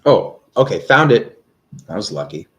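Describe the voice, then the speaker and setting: A man in his thirties gives tarot readings on a live stream, with a somewhat low voice. He rambles and hesitates, filling gaps with ums and likes as he talks things through. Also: big pitch swings, normal speed, dull audio. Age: 30s. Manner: rambling, hesitant, full of fillers. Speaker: tarot reader.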